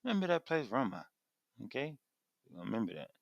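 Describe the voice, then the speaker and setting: A man giving an animated Bible teaching, reading verses and retelling them emphatically in casual everyday speech. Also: medium pitch, fast talker, no echo, lo-fi sound.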